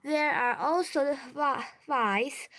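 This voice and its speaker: Woman, English learner, reading aloud, halting, very slow, high voice. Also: fairly bright tone. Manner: halting, restarts hard words.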